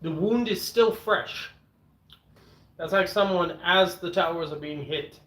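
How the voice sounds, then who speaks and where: A man streaming from home with his dogs, chatting casually as he eats, blunt and opinionated, clearing his throat often. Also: high voice, unhurried, a bit bright. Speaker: streamer eating on camera and answering chat. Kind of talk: casual rambling chat and rant. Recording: echoey room.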